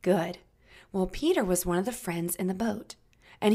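A woman narrating a Bible story for young children, gentle and inviting the listeners to join in. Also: fairly low pitch, unhurried.

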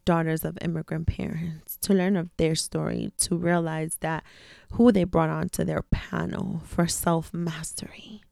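A woman's voice: sits low, level tone, unhurried, gravelly, dark tone, no echo, studio quality. A woman hosting her own podcast, talking candidly and casually, repeating phrases for emphasis. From daughter of immigrant parents. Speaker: podcast host. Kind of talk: casual personal monologue.

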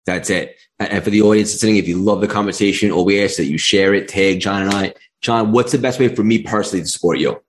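A man's voice: fairly low pitch, quick pace, hardly any pauses, slight background noise. A man with a strong New York accent, hosting a podcast interview with brief, enthusiastic replies. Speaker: podcast host. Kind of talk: interview conversation.

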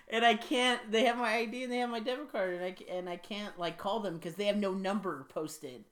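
A woman co-hosting a podcast, chatting casually and teasing her co-host with quick asides. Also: medium pitch. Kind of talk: casual chat.

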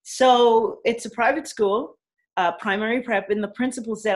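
A woman's voice: a little high, normal speed. A middle-aged woman from the Caribbean, an actor and educator, telling stories in a casual interview over a video call, laughing often and acting out what people said. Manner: animated storyteller, laughs often, acts out quotes.

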